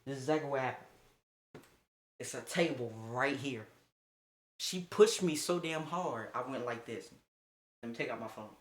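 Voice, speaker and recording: A young man on a phone live stream, telling a story in a profane, animated way and acting out what people said. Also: medium pitch, normal speed, long pauses.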